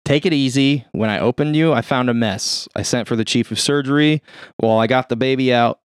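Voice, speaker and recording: A man reading aloud, voicing a brisk, matter-of-fact male surgeon explaining things at a bedside. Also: medium pitch, clear, resonant tone, no room sound, clean studio sound, close to an everyday voice. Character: brisk middle-aged male hospital surgeon.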